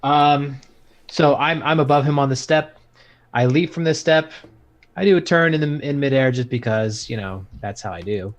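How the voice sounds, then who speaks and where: A man playing a tabletop game, describing his character's moves in a relaxed, casual way. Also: mid-range voice, normal speed. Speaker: player.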